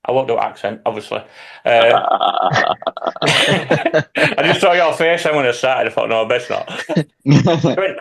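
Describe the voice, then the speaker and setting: A man, a hobby YouTuber, telling lively anecdotes in casual chat with some swearing. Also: mid-range voice, measured pace, gravelly, pauses often.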